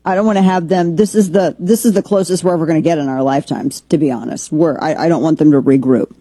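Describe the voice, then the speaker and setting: Husky-voiced woman hosting opinionated commentary. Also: deep voice, fast, warm tone, no room sound. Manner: opinionated, rambling with frequent restarts. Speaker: podcast host. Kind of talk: political commentary.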